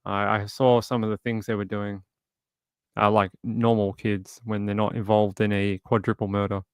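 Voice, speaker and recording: A man's voice: on the low side, normal speed, smooth, no room sound, studio quality. A man hosting a true crime livestream, chatting loosely and reading out viewer comments. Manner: rambling, repeats words, relaxed asides. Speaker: livestream host.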